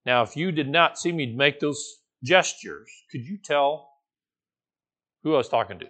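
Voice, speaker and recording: Here a man preaches in a conversational way as a pastor running a Bible study, informal and spirited, with joking asides and gentle laughs. His pitch leans high and his delivery runs slightly slow.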